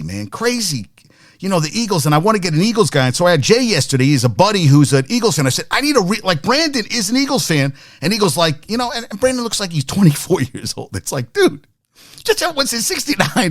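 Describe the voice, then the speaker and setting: Animated rambling man hosting sports podcast. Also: a little high, no room sound, clean studio sound. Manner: rambling and animated, many restarts and asides. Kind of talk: casual sports talk podcast, reacting to chat.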